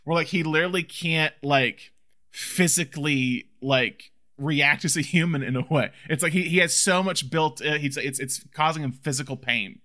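Young male podcast co-host, bright, somewhat high voice, excitable and gushing in casual chat about films. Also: moderate pace. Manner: excitable, gushing, full of fillers and restarts.

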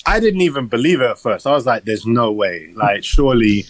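A man's voice: mid-range voice, sing-song, a little fast, no room sound, poor audio. A young man co-hosting a casual podcast, rambling with lots of fillers and casual swearing, recorded on a phone. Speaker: podcast co-host. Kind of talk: casual chat.

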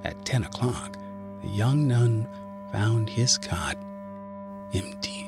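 A man reading a story aloud, with expressive, deliberate narration. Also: medium pitch, creaky, over loud music. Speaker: reader.

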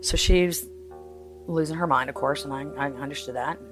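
A woman recounting a traumatic family event, halting and emotional, acting out the voices of others as she speaks. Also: deep voice, a bit bright, soft background music, low-quality recording. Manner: halting, emotional, acts out dialogue. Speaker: interviewee recounting a family tragedy. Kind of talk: personal account in interview.

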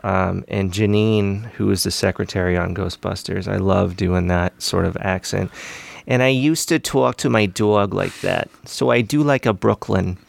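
A man's voice: sits low, a little slow, creaky, few pauses, no echo. A man chatting casually on a podcast, laughing easily and slipping into playful impressions. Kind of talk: casual chat.

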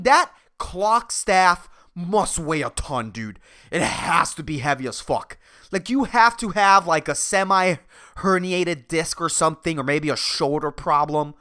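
A woman's voice: on the low side, very animated, unhurried, a bit bright. A woman hosting her own podcast, ranting profanely and exasperatedly in a rambling, comedic solo monologue. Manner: rambling, with restarts and filler. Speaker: podcast host.

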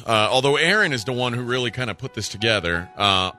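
A man's voice: medium pitch, lively intonation, fast, pushed and bright, soft background music. A man co-hosting a sports radio show, easygoing and thinking aloud in casual chat. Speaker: co-host.

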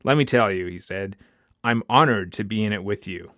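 A man reading a short story aloud for his podcast, lifting his voice for the dialogue and dropping low for the narration tags. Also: normal speed, sharp tone, no echo, clean studio sound. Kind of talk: audiobook-style story reading.

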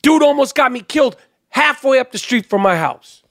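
A man's voice: very high-pitched, expressive, moderate pace, gravelly, fairly bright tone, no room sound, clean studio sound. A man hosting a podcast, telling stories in casual chat, heated and full of swearing. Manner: profane, heated storytelling. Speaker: podcast host.

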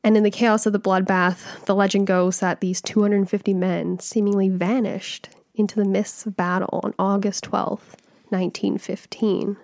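A woman's voice: mid-range voice, flat delivery, normal speed, creaky, darkish tone, dry recording, clean studio sound. Chatty woman reading history facts. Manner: conversational, reads out facts with fillers and self-corrections. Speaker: podcast co-host. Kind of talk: casual history podcast chat.

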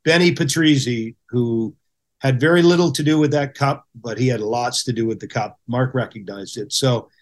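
Man, middle-aged, podcast guest, casual storytelling, animated, acts out quotes, medium pitch. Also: normal speed. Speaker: podcast guest, former hockey goaltender.

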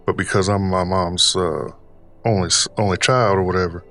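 A man's voice: low-pitched, steady tone, a bit bright, soft background music. A man podcast host putting on an older man's voice with a Southern drawl, rambling casually through a story with lots of fillers. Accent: put-on Southern US drawl. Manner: deliberately puts on an older man's voice; rambling, filler-heavy, unhurried delivery.

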